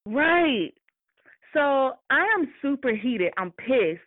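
A woman's voice: high-pitched, slow, no echo. Blunt storytelling woman on a tinny line. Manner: blunt, profane, animated retelling. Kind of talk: casual storytelling chat. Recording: dry, tinny phone-like sound.

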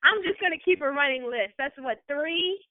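A woman chatting casually about a TV show, animated, laughing and acting out quotes. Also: high voice, normal speed, a loud crowd. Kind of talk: casual chat. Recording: tinny phone-like line.

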